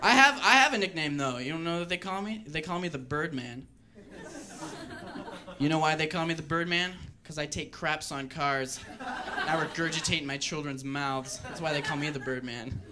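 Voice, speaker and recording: A man doing a stand-up routine on a club stage, wry and deadpan with rambling asides. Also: a little high, moderate pace, a crowd in the background. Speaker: stand-up comedian.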